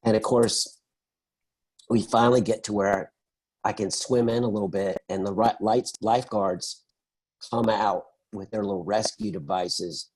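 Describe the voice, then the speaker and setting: A husky middle-aged man with a fairly low voice tells his story over a video call. He is animated and conversational, and he slips into the voices of the people in it as he goes. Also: unhurried, poor audio. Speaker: interview guest.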